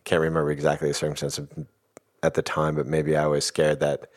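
Very deep-voiced reflective man. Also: completely flat delivery, a little fast. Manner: thoughtful, uses many fillers like "like" and "you know". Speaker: guest speaker on emotions. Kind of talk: reflective casual talk.

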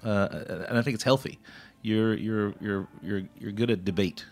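A man hosting a casual podcast interview, prompting his guest quickly with friendly short replies. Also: on the low side, steady tone, darkish tone. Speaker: podcast host.

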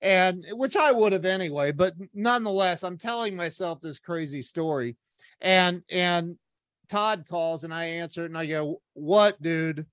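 Guy telling a story, kinda high voice, animated, does all the voices. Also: moderate pace, smooth, no room sound, clean studio sound. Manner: animated, acts out quoted voices, many restarts. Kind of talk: casual storytelling.

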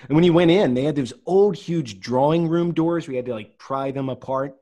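A man's voice: on the high side, dark tone. A man hosting a podcast, talking casually with many fillers and restarts as he tells a story and wraps up the show. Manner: halting, many fillers and restarts, thanks guests and listeners. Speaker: podcast host. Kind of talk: casual chat.

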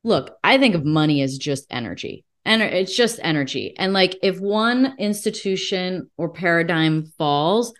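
A woman's voice: lowish voice, animated, a little slow, few pauses. A woman hosting a podcast in casual conversation, asking long questions and musing aloud. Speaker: host.

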